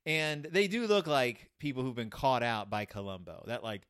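A man hosting his own show, recapping a children's book with playful, animated retellings of its scenes. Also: medium pitch, a little fast, few pauses, dry recording, studio quality. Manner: animated, playful, acts out quotes. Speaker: podcast host.

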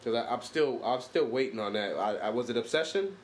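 A man's voice: medium pitch, expressive, a little fast, slight background noise. A man from co-hosting a podcast, telling loose, slangy, profane stories and jokes in casual chat. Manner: loose, joking, slangy storytelling. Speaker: podcast co-host.

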